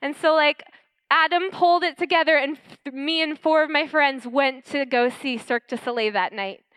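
A woman pastor giving an earnest, animated sermon and telling personal stories. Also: high voice, moderate pace, no echo.

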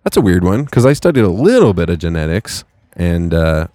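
Deep-voiced, loose, profane podcast host. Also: male voice, sing-song, brisk, dark tone, no echo. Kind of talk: casual chat. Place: local market at an art college.

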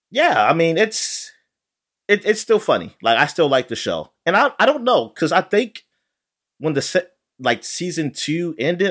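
A man co-hosting a casual chat show, animated and laughing often, with frequent restarts. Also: mid-range voice. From not British. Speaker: podcast co-host.

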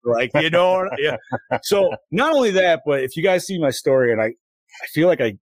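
A man's voice: fairly high pitch, big pitch swings, moderate pace, dry recording. Laid-back swearing man, dry sound. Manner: laid-back, swears a lot, calls people dude. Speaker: podcast co-host. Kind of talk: casual profane chat. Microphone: streaming setup with ring light.

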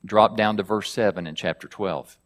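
A man's voice: lowish voice, moderate pace, long reverb tail. A male pastor preaching a sermon, reading scripture aloud with rising emphasis and asking his listeners questions.

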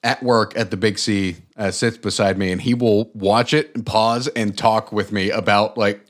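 A man's voice: fairly low pitch, fairly even intonation, moderate pace. A man co-hosting a podcast, chatting casually, swearing and teasing his co-host. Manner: profane, teasing. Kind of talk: casual chat.

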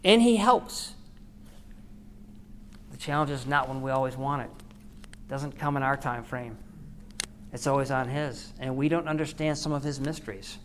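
A woman's voice: a bass voice, normal speed, long pauses, slight background noise. A woman podcast host giving an earnest devotional talk, preaching with repeated phrases.

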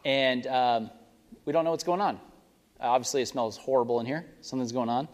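A man's voice: mid-range voice, a little fast. A young adult male pastor giving a casual, rambling sermon story and prayer, often stopping to correct himself. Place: church sanctuary. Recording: long reverb of a church hall.

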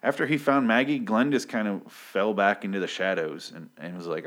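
A man's voice: fairly low pitch, brisk, hardly any pauses, fairly bright tone. A man casually recapping a comic book issue, rambling and profane, with many filler ums and restarts.

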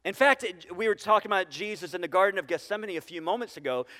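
A man's voice: sits high, expressive, quick pace, pushed and bright. A man preaching a sermon to a congregation, talking conversationally with restarts and frequent tag questions. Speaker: pastor. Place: church sanctuary with congregation. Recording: church hall reverb.

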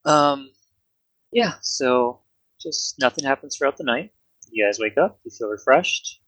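Gm narrating a fantasy game, husky voice, dry close sound, lots of ums. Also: mid-range voice, measured pace, no room sound, low-quality recording. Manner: relaxed, hesitant narration with many ums. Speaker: game master.

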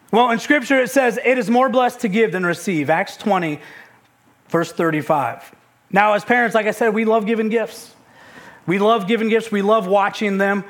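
A man's voice: high-pitched, moderate pace, fairly bright tone. A man in his thirties preaching a sermon, telling a family story with quoted dialogue and often repeating words when he gets going. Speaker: pastor.

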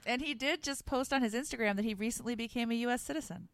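A woman's voice: on the high side, fast, dry recording, studio quality. A woman co-hosting a podcast in casual chat, joking playfully. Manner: joking, playful, does voices. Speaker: podcast co-host.

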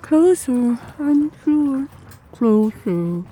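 A woman's voice: on the high side, expressive, takes it slowly, mellow, slight background noise, pitched above the performer's own voice. A woman voicing a flustered, lonely old woman in an audiobook. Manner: fluttery and distracted. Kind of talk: audiobook narration.

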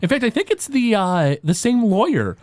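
A man's voice: high voice, very animated, moderate pace, darkish tone, no echo, studio quality. A man co-hosting a podcast, rambling through an episode recap with lots of filler words. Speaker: podcast co-host. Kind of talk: casual recap chat.

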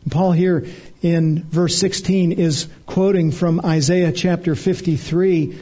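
A man preaching an expository sermon, measured and emphatic, repeating phrases and slowing on key words. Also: high-pitched, steady tone, dark tone, dull audio. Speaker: pastor.

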